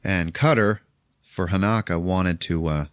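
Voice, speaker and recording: A man's voice: low-pitched, measured pace, dry recording, studio quality. A man hosting a podcast, casually recapping a movie in a loose, profane way. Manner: loose, profane, retelling with quoted voices. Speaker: podcast host.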